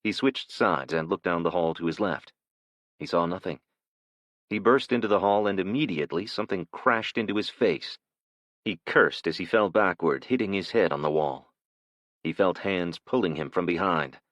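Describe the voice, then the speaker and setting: A man narrating a thriller audiobook in a measured, steady storytelling manner. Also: deep voice, dry recording.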